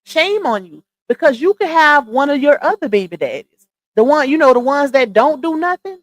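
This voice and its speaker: Hosting a casual livestream, a young woman addresses her viewers head-on, opinionated and emphatic. She talks a little fast in a high-pitched voice with lively intonation, and there's no room sound.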